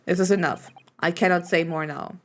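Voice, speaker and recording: A woman's voice: lowish voice, fairly even intonation, a little fast, pitched below the performer's own voice, close to an everyday voice. A woman reading the lines of a stern male ship officer, speaking in clipped, blunt orders.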